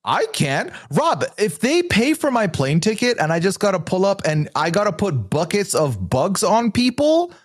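A man's voice: high-pitched, normal speed, few pauses, slightly rough, no room sound, studio quality. A man co-hosting a podcast, chatting casually and playfully about a reality show episode. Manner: animated, playful, excitable. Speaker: podcast co-host. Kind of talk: casual recap chat.

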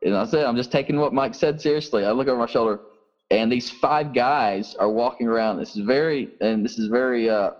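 A man's voice: medium pitch, fairly quick, lo-fi sound. A man, a pastor, telling a first-person story in an earnest way during an interview.

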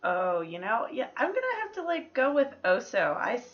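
A woman's voice: on the high side, huge pitch swings, normal speed. A woman who writes a food blog, chatting upbeat on a podcast as a guest. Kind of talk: casual interview chat. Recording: dull lo-fi podcast audio.

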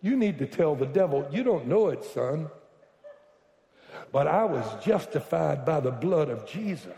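A man preaching a sermon to a congregation, building from slow, deliberate lines up to shouted declarations. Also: fairly high pitch, sing-song, gravelly. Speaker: pastor. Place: large church hall. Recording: echoey hall from far off.

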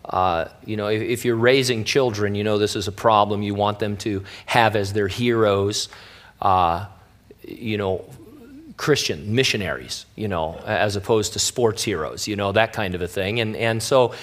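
A man's voice: lowish voice, normal speed, a bit bright. A man preaching as a pastor, teaching through a Bible passage in a casual, wry way with playful asides.

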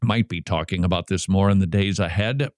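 A man's voice: sits low, a little fast, no echo, studio quality. A man hosting a Christian radio show, preaching with emphatic rhetorical questions and wry asides. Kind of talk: preaching talk show segment.

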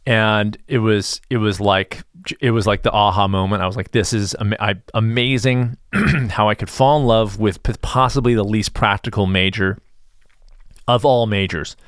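A man's voice: lowish voice, steady tone, moderate pace, no echo, studio quality. A middle-aged man hosting a podcast in a rambling, sarcastic, self-interrupting monologue. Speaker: podcast host.

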